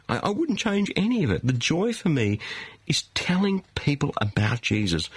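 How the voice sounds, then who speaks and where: Male preacher, husky voice, animated sweeping pitch, emphatic delivery with pauses, studio sermon. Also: no room sound. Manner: emphatic, rhetorical questions, dramatic pauses.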